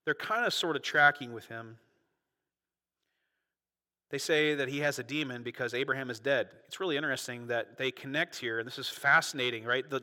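A man preaching a sermon as a pastor, moving between quiet asides and loud, animated bursts. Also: mid-range voice, in a large hall.

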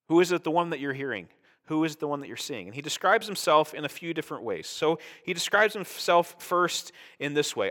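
A man delivers a Bible teaching sermon in a casual, conversational style, often checking in with his listeners. His voice sits a little high and sounds bright. The recording carries a long reverb from a hall. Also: very animated, brisk. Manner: conversational, tag questions like "right?". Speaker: preacher.

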